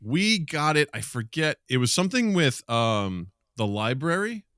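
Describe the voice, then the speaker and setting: A man's voice: on the high side, a little slow, clean tone, no echo, studio quality. A man in his thirties co-hosting a casual podcast, telling stories and acting out the people he quotes. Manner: animated storyteller, acts out quotes. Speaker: podcast co-host. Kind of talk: casual chat.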